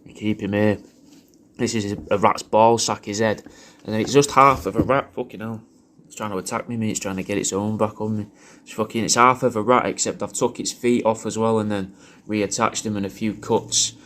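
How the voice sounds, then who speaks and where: A man's voice: on the low side, a little fast. Crude rambling English man. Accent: English regional. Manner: crude, rambling, deadpan, lots of swearing. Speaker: comedic character doing a personalised video message. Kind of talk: rambling comic monologue.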